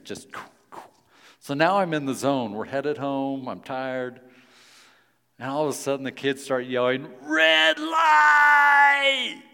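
A man preaching a sermon, telling stories in a lively, playful way and turning earnest and quiet in prayer. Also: mid-range voice, big-room sound. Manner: storytelling, playful, then hushed and earnest in prayer. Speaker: pastor.

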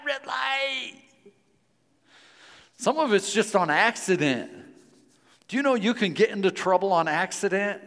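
Storytelling preacher in a reverberant hall. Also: male voice, medium pitch. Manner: storytelling, playful, then hushed and earnest in prayer. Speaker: pastor. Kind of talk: sermon.

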